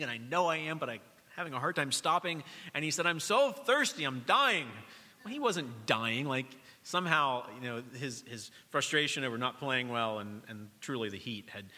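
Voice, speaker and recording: A middle-aged man, a pastor preaching a sermon in a church, speaking earnestly, dropping to a hush and then rising to emphasis. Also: mid-range voice, big-room sound. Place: church sanctuary during worship.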